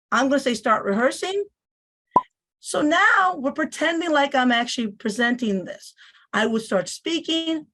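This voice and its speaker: A woman teacher with a Spanish accent and a slight lisp, explaining a software tool step by step. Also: high-pitched. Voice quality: slight lisp on some words. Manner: explanatory, repeats phrases, voices on-screen prompts. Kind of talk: instructional screen-share walkthrough.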